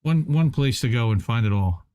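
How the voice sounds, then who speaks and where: A man's voice: mid-range voice, animated, normal speed, dark tone, smooth, no room sound. A man co-hosting a casual chat, candid and opinionated, often repeating words as he starts a thought. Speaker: co-host.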